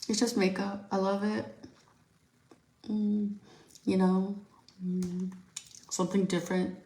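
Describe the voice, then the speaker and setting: A young woman with a New York accent rambles through a casual solo podcast, candid and quick to swear. Her voice sits at an everyday middle pitch. The room around her gives the sound a noticeable echo. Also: a little mellow. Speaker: podcast host. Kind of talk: casual chat while doing makeup. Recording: echoey room.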